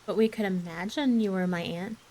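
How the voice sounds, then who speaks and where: A woman's voice: mid-range voice, a little fast, mellow, close to an everyday voice, poor audio. A woman doing a breathless, gushing orphan girl. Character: eager, dreamy orphan girl, excitable and talkative. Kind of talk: soft ASMR bedtime story reading.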